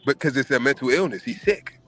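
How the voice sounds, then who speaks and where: A man's voice: medium pitch, brisk, a bit bright, faint music behind. A man hosting a casual podcast, giving emphatic, profane opinions. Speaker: podcast host.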